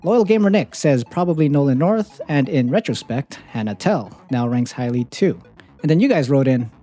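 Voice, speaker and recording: A woman's voice: very deep voice, expressive, moderate pace, mellow, faint music behind. A woman hosting a casual gaming podcast, reading listener replies aloud and laughing often. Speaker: podcast host.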